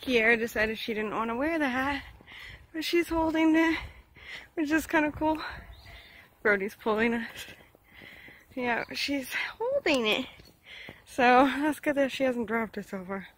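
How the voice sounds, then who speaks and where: A young mother talks casually to the camera at home, her voice high and her pace slow and easygoing. She drifts into a sing-song coo whenever she speaks to her baby, over noisy home-video audio. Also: a bit bright. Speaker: vlogger, mother. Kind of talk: casual home vlog chat. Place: home, indoors.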